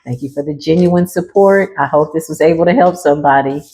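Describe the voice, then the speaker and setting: A woman's voice: low voice, a little fast, warm tone, slight background noise. A woman giving a casual, playful tarot reading straight to her viewers, laughing often and talking in slang. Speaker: tarot reader.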